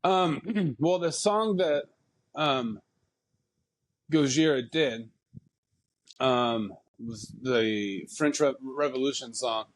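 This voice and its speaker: A man's voice: medium pitch, drawn-out words, pauses often. A man co-hosting a podcast, rambling through a story with lots of "um" and "like". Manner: rambling, many fillers, laughs often. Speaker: podcast co-host. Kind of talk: casual chat.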